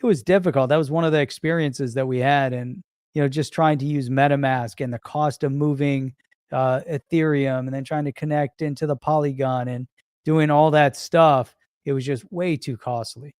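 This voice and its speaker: A man's voice: medium pitch, fairly even intonation, normal speed, darkish tone, smooth, dry recording, clean studio sound. A man co-hosting a casual livestream chat, conversational and full of fillers. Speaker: co-host.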